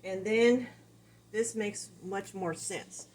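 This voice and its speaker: A woman's voice: mid-range voice, slow pace, darkish tone, rough recording. A woman dog trainer giving a casual, conversational lesson, explaining with everyday examples. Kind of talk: instructional talk.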